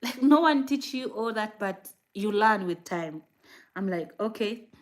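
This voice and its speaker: A new mother vlogging casually to her viewers, telling stories in an animated way and acting out what she said back then, with fillers and frequent laughs. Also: mid-range voice, a little slow. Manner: animated storytelling, acting out her own past words. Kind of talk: casual chat answering viewer comments.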